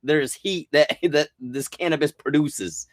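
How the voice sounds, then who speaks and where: A man with a somewhat high voice rants in a loose, rambling way, swearing freely and restarting his sentences as he gets worked up. The recording is close and dry, with no room sound around him. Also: a little slow, dry recording. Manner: rambling, profane, agitated, with restarts. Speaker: vlogger. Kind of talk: rambling conspiracy rant.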